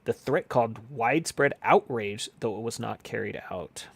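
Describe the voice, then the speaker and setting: A man's voice: mid-range voice, moderate pace, gravelly, breathy edge. A man streaming casually, reading history passages aloud and muttering asides and swears while he types notes. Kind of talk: casual live-stream reading and note-taking.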